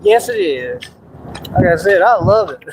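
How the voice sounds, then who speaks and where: A man's voice: high-pitched, sing-song, a little slow. Guy streamer going off, mocking and bragging, laughs at his own jokes, noisy hiss behind. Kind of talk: ranting livestream commentary.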